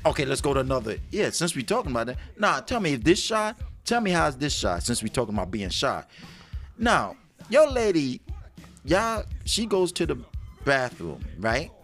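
Animated joking husband telling stories. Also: male voice, mid-range voice, moderate pace, soft background music. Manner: animated, laughing, acts out quotes. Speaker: vlog co-host with his wife. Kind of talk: comic storytelling chat.

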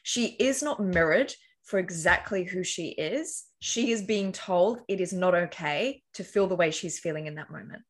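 A woman's voice: lowish voice, normal speed, few pauses. A woman as an interview guest, talking earnestly and casually, walking through examples, with the odd swear word. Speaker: podcast guest.

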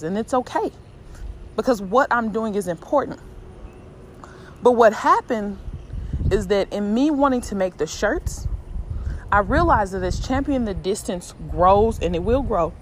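A woman's voice: medium pitch, a little hiss or hum. A woman hosting her own podcast, speaking in an earnest, reflective way and repeating phrases for emphasis in a casual faith-based motivational talk. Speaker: podcast host and writer.

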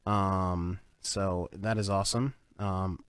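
A man's voice: low-pitched, steady tone, slow, smooth, dry recording. A man hosting a podcast in casual chat, rambling with lots of fillers and swearing when things go wrong. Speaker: podcast host.

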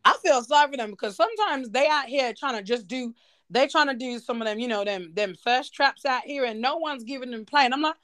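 A woman hosts a casual podcast chat, teasing and swearing with big energy. Her voice sits high and leaps all over the place. The sound is dry and close. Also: a little fast, no echo. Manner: animated, profane, teasing. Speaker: podcast host.

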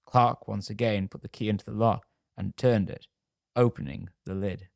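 A man reading a scripted true-crime story in a measured storytelling manner. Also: fairly low pitch, fairly even intonation, gravelly, a little mellow, no echo, clean studio sound. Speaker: narrator.

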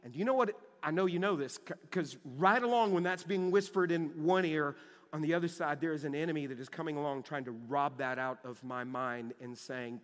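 A man preaching a sermon as pastor, impassioned, swinging between loud emphasis and hushed lows, repeating words as he goes. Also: fairly quick, big-room sound. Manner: repeats words and restarts phrases.

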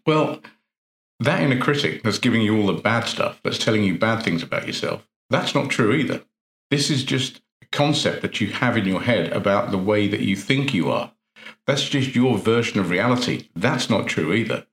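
A man's voice: fairly low pitch, animated, moderate pace, a bit bright. A man, an NLP coach, giving an earnest motivational talk full of rhetorical questions and repeated phrases. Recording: roomy echo.

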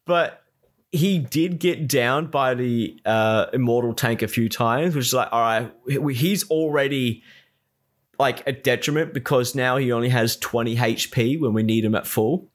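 A man's voice: medium pitch, measured pace. A man co-hosting a casual chat, telling a rambling, exasperated story full of swearing.

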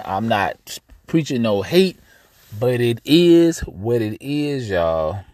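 A young American man with an African American accent talks to his listeners in a casual podcast. His voice sits low but swings up and down with a lot of life. The sound is dry and close, with almost no room echo. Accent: African American English. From United States. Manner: conversational, addresses listeners as y'all, emphatic. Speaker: podcast host. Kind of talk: casual outdoor podcast monologue. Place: outdoors.

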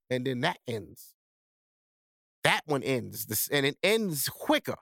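A man's voice: mid-range voice, very animated, takes it slowly, gravelly, pauses often, fairly bright tone, no echo, clean studio sound. A young man hosting a podcast, telling a candid personal story in profane street slang. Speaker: podcast host. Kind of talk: casual storytelling monologue.

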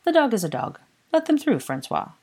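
A woman's voice: fairly high pitch, sing-song, fairly quick, darkish tone, breathy edge, voice pushed up, exaggerated voice. A woman voicing a sly, courteous French marquis, polite and prying, with a French accent. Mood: suave, inquisitive. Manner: polite and probing.

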